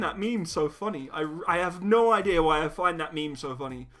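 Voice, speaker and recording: A young man's slightly high, fairly bright voice moves at a normal speed as he hosts a casual live chat stream. He reads out donations, giggles often, and pokes fun at himself.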